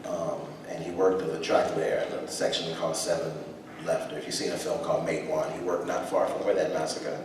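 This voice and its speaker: A low-voiced man performs a reflective spoken-word piece live on stage, pausing and circling back as he searches for words. He is picked up from a distance in a large hall with long reverb. Faint room ambience hums behind him. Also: flat delivery, background noise. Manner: halting, reflective, restarts often. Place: theater stage, live event. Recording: echoey hall from far off.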